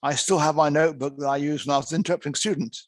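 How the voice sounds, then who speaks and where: Man, interpreting teacher, online lecture, emphatic short phrases, fairly high pitch, dry sound. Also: very fast, no room sound. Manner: lively, emphatic, counts out examples.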